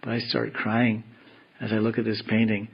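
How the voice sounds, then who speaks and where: A man giving a devotional scripture class, telling stories in a slow, meditative way. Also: on the low side, completely flat delivery, vocal fry, husky, lo-fi sound. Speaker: spiritual teacher.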